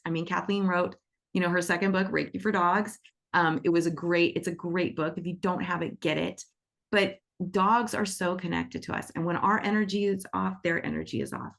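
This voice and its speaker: A woman with a lowish, gravelly voice leads an online animal Reiki class over a video call. She tells her stories in an animated, chatty way and acts out the voices of the people in them. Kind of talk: casual storytelling in an online class.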